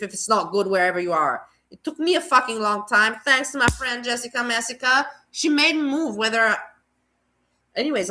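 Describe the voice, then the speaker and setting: Blunt mocking woman commentator, bright voice. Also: fairly high pitch. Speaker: commentary host. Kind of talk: reaction commentary on a clip.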